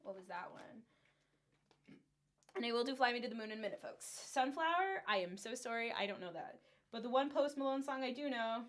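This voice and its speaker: A woman's voice: fairly high pitch, lively intonation, brisk. A woman streamer chatting casually between songs, apologetic and giggly, on a studio condenser microphone. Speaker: streamer and singer.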